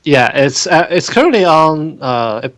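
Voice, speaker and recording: A man's voice: a little high, big pitch swings, unhurried, a bit bright, no echo. A young man playing a tabletop game, stammering and repeating words as he talks. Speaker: player. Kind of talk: casual tabletop game talk.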